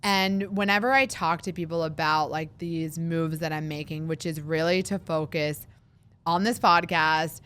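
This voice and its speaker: A chatty woman in her thirties talking through a solo podcast episode. Her voice is smooth and clear and sits a little on the low side. She acts out fretful voices in quick asides. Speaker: podcast host. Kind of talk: casual solo podcast monologue.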